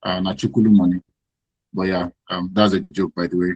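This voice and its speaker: Husky low-voiced man moderating an online workshop, halting, filler-heavy delivery. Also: little pitch movement, darkish tone, dull audio. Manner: hesitant, many ums, friendly. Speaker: workshop host. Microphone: video call.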